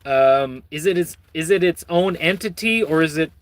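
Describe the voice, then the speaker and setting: A man's voice: a little high, normal speed. A man hosting his own channel, reading news stories with rambling, sardonic and profane commentary. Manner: rambling, sardonic, swears a lot. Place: lives in Michigan.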